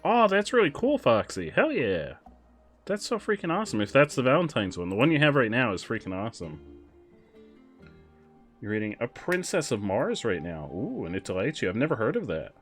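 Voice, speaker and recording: A man streaming a game, chatting casually with viewers, excitable and quick with asides. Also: medium pitch, soft background music. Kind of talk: casual gameplay chat with viewers.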